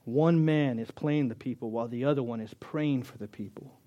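A man preaching a sermon, acting out quotes of God and Moses and moving between loud and soft, with casual asides between scripture readings. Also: mid-range voice, normal speed, muffled recording. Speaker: pastor.

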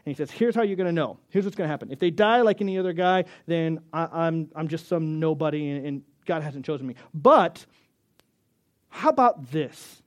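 A man preaching a sermon, acting out quotes of God and Moses and moving between loud and soft, with casual asides between scripture readings. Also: a little high, animated, moderate pace. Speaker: pastor.

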